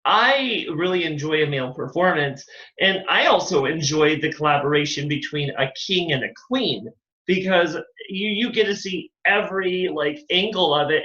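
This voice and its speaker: Drag queen host, upbeat, sharp bright tone, roomy echo. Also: medium pitch, moderate pace. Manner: enthusiastic, complimentary. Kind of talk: casual interview chat. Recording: echoey, muffled lo-fi audio.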